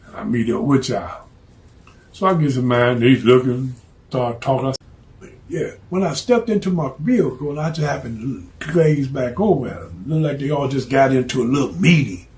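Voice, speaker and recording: A man's voice: mid-range voice, normal speed, darkish tone. A man spinning a boastful tall tale in casual slang, laid-back and cocky. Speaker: storyteller in character. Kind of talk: tall-tale comic storytelling.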